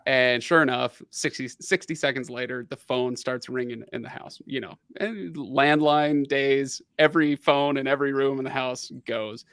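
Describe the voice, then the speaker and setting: A middle-aged man hosting a casual livestream, telling a long personal story in an animated way, laughing often and leaning on fillers. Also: medium pitch, normal speed, few pauses, clean tone, dry recording, clean studio sound. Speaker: livestream host.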